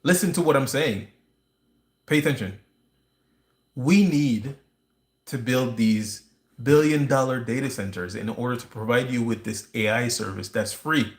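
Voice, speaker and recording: A man's voice: mid-range voice, unhurried, pauses often, lightly acted. A man voicing a smug, manipulative narcissist who talks in an indignant, guilt-tripping, mock-pleading tone. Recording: roomy echo.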